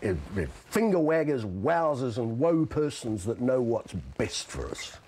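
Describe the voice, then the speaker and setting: A man's voice: mid-range voice, sing-song, measured pace, darkish tone, a little hiss or hum. A man, a tabloid journalist, giving blunt, opinionated views in an interview.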